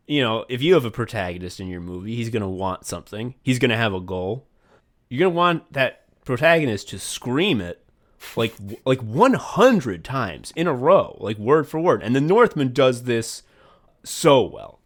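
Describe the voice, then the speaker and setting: Sarcastic, swearing man on a podcast. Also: fairly low pitch. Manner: sarcastic, profane, loud mocking bursts. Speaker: podcast co-host. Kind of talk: casual comedic chat.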